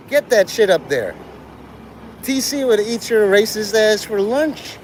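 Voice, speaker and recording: This male streamer talks with his chat at a normal speed, his high voice full of animation as he rambles, provokes and swears. A slight hiss or hum sits under the recording.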